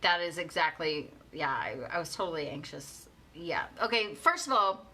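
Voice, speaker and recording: Young female life coach, chatty live talk, bright tone, repeats herself. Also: fairly low pitch, expressive, moderate pace. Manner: chatty, repeats herself, reads viewer comments aloud.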